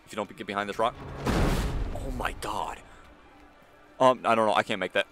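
A man's voice: on the low side, moderate pace, loud music behind the voice. A man hosting a gaming channel, doing casual let's-play commentary; he talks to the screen in slang and yelps when he is startled. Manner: jumpy, talks to the screen, frequent frightened yelps; casual slang, says "bro" and "y'all".

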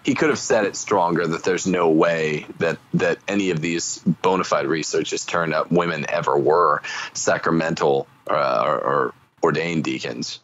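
Very low-voiced man, slightly dull sound. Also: fairly bright tone. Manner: quick agreeing interjections. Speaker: podcast co-host. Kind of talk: casual discussion.

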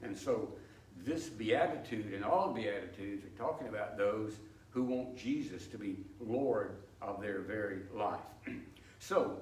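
In an unhurried, fairly low voice, an older man gives a folksy, explanatory Bible study lesson peppered with homey anecdotes. The church sanctuary setting makes the recording echoey and distant, with faint ambience.

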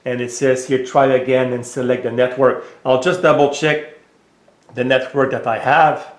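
A man with a French accent, casually demonstrating a gadget at home, hesitant with many filler pauses. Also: mid-range voice, level tone, echoey room. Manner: raises voice for voice commands. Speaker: tech reviewer. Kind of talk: casual product demo. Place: home room.

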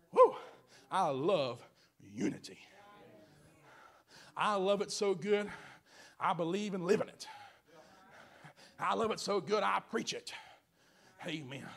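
A man preaching a holiness sermon in a church, building up to shouts and drawing calls of amen from the room, sometimes drifting away from the mic. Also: sits high, vocal fry. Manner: rising to shouts, call-and-response preaching. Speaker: pastor. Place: church sanctuary.

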